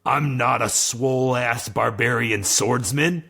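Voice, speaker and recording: A man's voice: mid-range voice, slow pace, gravelly, bright, forceful tone, breathy edge, full character voice. A man voicing a brash, boastful young barbarian swordsman who talks crude.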